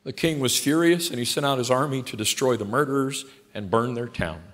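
An older male pastor delivers an emphatic, folksy sermon in a mid-pitched voice, speaking a little fast. He swings from quiet asides to loud, passionate outbursts and stays blunt throughout. The recording carries the long hall reverb of a large church sanctuary.

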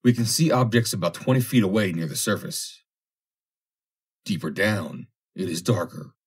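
Man doing a jovial young lieutenant, breezy, low husky voice. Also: lively intonation, moderate pace. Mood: cheery.

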